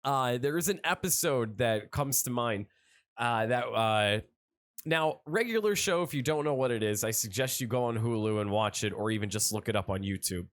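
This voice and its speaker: A male podcast co-host talking casually and loosely. He wanders through his points with plenty of fillers and restarts, at a medium pitch. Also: lively intonation, normal speed, fairly bright tone. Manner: rambling, with lots of fillers and restarts. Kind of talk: casual chat.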